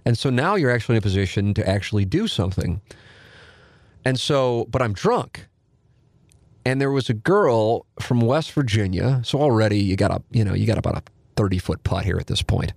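Low-voiced man telling a profane story. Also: gravelly, a little mellow, no room sound, studio quality. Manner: self-deprecating, profane and rambling. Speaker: podcast host. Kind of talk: casual storytelling.

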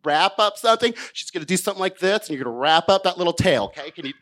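A man's voice: sits high, expressive, very fast, a bit bright, voice pushed up. Man voicing a fussy male production guy, flustered, bossy, nitpicking. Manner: finicky and flustered, bossing about the room.

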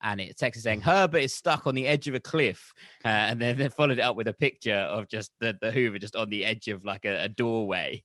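A man's voice: on the low side, a little fast, a bit bright, no echo, clean studio sound. A man hosting a casual football podcast, reciting a rhyming poem and then bantering and laughing with his co-hosts. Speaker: podcast host.

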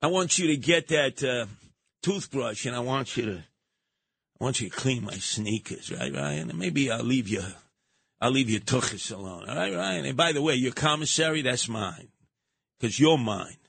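A man voicing a tough male inmate bossing around a young cellmate, slow and threatening. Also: mid-range voice, expressive, vocal fry, a bit bright, slightly rough, dry recording, pitched below the performer's own voice, heavily acted. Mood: menacing. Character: menacing male jail bully ordering a young inmate.

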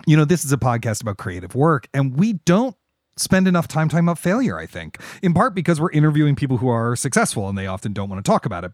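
A man's voice: fairly high pitch, no room sound, studio quality. A man hosting a podcast in casual chat, playful and teasing with his co-host.

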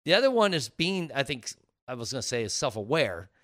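A man's voice: mid-range voice, brisk. A middle-aged man co-hosting a podcast with his wife, telling stories in casual chat and acting out the voices of the people in them. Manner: animated storyteller, acts out quoted voices. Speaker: podcast co-host.

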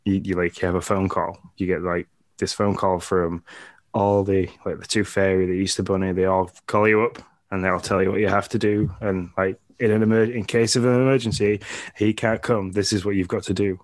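Low-voiced man chatting, dry sound. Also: level tone, fairly quick, no echo. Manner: easygoing, rambling, chuckles often. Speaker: podcast co-host. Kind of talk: casual chat.

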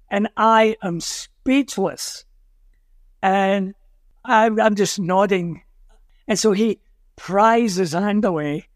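An older man with a Glasgow Scottish accent, a musician guest telling anecdotes in an animated way and acting out the voices of the people in them. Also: high voice, no echo, studio quality. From Scotland. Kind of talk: animated storytelling.

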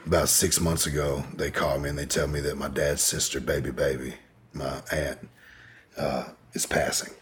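A man's voice: extremely low pitch, level tone, moderate pace, husky. A man telling a long personal story as an interview guest, candid and rambling, with frequent profanity and fillers.

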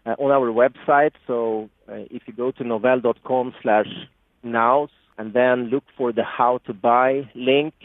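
Measured in pace and fairly even in intonation, a medium-pitched man with a Swedish accent answers interview questions as a product marketing guest. He explains earnestly but restarts a lot and uses many fillers, and the recording is dry and tinny like a phone line.

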